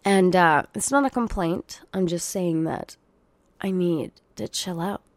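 A woman's voice: fairly low pitch, unhurried, no room sound. A young adult woman hosting her own podcast, chatting casually to listeners and swearing freely as she rants. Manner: profane, ranting, talks straight to listeners. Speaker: podcast host. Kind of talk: casual solo podcast chat.

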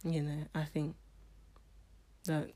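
A woman's voice: low-pitched, completely flat delivery, slow, dark tone. A woman giving a casual spoken book review, chatty and emotional, often restarting her sentences.

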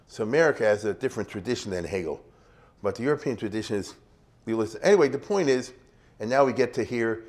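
Middle-aged male lecturer, lowish voice, chatty classroom style, keeps checking students follow. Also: darkish tone. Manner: conversational, checks in with "you see?" and "you get it?".

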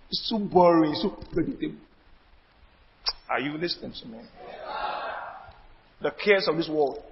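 A man preaching a sermon as pastor, repeating phrases and building emphasis. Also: high-pitched. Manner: preaching with rising emphasis and repetition. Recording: dull audio in a reverberant hall.

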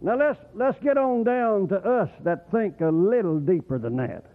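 Male preacher, folksy rambling sermon, lively swooping pitch. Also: moderate pace. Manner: animated, rambling, rising to excited whoops. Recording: tinny phone-like radio broadcast.

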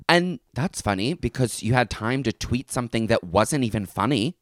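Young male podcast host, lively swooping delivery, exasperated and sarcastic, dry close mic. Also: medium pitch, normal speed, dry recording. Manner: animated, exasperated ranting with sarcastic asides. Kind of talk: casual solo podcast rant.

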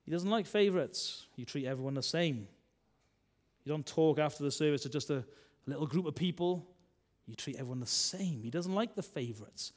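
A man, a minister preaching a sermon in a chatty style, full of tag questions and swings between loud and soft. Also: on the high side, expressive, brisk.

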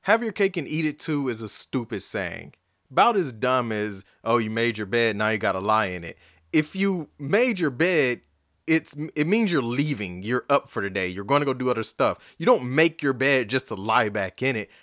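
A man hosting a solo podcast, ranting angrily and profanely, swinging between shouting and muttering. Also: medium pitch, big pitch swings, normal speed, dry recording, clean studio sound. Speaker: podcast host.

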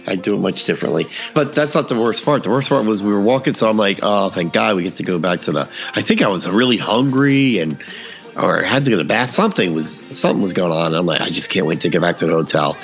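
A man's voice: low-pitched, fast talker, creaky, faint music behind. A man co-hosting a casual chat, telling stories and acting out the voices of the people in them. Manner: animated storyteller, acts out quotes.

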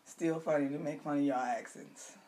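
Animated teasing woman co-host. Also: deep voice, moderate pace, slight background noise. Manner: animated, teasing, laughs loudly. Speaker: podcast co-host. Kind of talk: casual chat, gossip and news recap.

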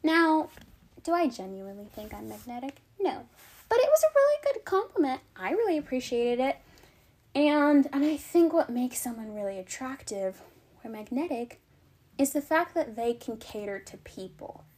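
A woman's voice: sits high, sing-song, moderate pace, darkish tone. A young adult woman vlogging casual advice, chatty and frank, out of breath. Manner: chatty, frank, filler-heavy.

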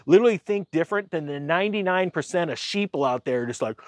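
A man's voice: fairly high pitch, lively intonation, fast, hardly any pauses, no room sound. A man giving a casual, sarcastic rant about the economy, mocking others in silly voices. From United States. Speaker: finance commentator.

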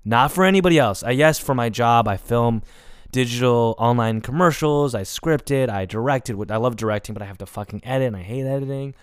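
A young man talks alone into the mic, spilling a personal story in an emotional, meandering way, full of fillers. His voice is smooth and resonant, sitting at an average pitch. The sound is close and dry. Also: dry recording. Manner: emotional, rambling, many "like" fillers. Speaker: podcast host. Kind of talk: confessional solo storytelling.

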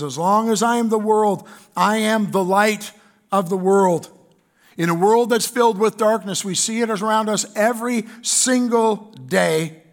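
Reading scripture with fillers, a male pastor with a Canadian accent delivers an earnest sermon in a high-pitched voice.

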